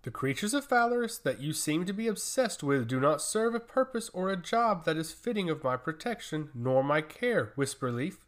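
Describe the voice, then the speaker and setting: A cold, composed high priest, voiced by a male storyteller in a spoken fantasy tale. He is calm and condescending, with a somewhat high, lively voice. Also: moderate pace, few pauses.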